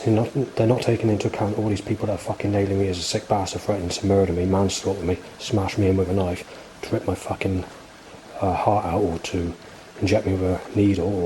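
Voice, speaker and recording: Agitated man in his forties, low voice. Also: noisy background. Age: 40s. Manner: agitated, swearing, repetitive. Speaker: vlogger. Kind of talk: rambling spoken monologue.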